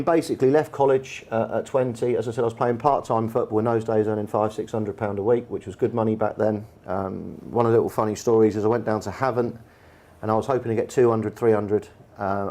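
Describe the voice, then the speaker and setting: An English football manager in a live on-stage conversation at a bar event, telling stories in a chatty, anecdotal way with plenty of fillers. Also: male voice, lowish voice, darkish tone. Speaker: football manager and guest speaker. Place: bar event room with an audience.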